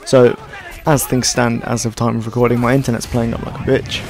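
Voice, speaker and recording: A young man with a sore, hoarse throat, giving casual, rambling gameplay commentary in a tired, self-deprecating way. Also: medium pitch, level tone, brisk, noisy background. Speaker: gaming commentator.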